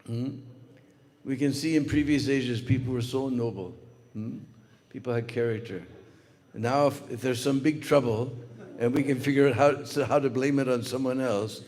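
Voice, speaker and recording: Man, spiritual speaker, storytelling lecture, mid pitch, hall reverb. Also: moderate pace. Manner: animated storyteller with many fillers.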